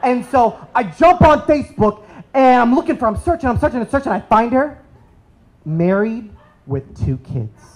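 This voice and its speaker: A man in his thirties from the United States telling a comedic story live on stage into a microphone, animated and self-deprecating. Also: very high voice, normal speed, rough recording. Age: 30s.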